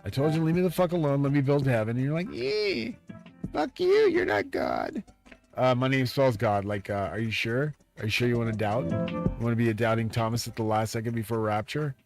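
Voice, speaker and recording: Over loud background music, a man with a steady mid-range voice and a quick pace rants to his viewers on a live stream. He talks to them directly, profane, agitated and grandiose.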